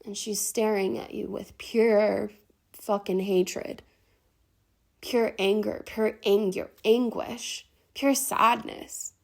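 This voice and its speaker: A woman's voice: medium pitch, steady tone, slow, vocal fry. A woman leading a guided meditation in an intense, emphatic way, with frequent swearing.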